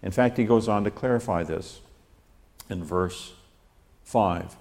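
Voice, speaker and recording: A man with a very low, deep voice leads a Bible study verse by verse. He reads the old scripture wording aloud, then stops to unpack the Hebrew grammar behind it in a scholarly, unhurried manner. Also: darkish tone. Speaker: Bible teacher.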